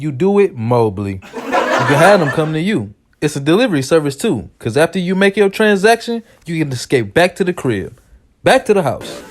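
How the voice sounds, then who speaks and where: Guy with aave telling a funny hood story, real animated, high then whispery. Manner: animated, jumps between a high anxious voice and low whispers. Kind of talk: comedic storytelling with acted voices.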